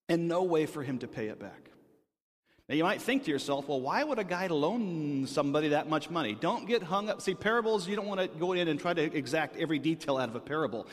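A male pastor preaching a sermon in a conversational manner, often checking in with his listeners. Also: on the high side. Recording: long hall reverb.

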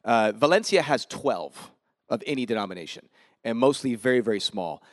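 A man, a visiting missionary, telling a story to a church congregation in a quick, lively way and acting out the dialogue. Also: medium pitch, no echo, studio quality. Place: church service.

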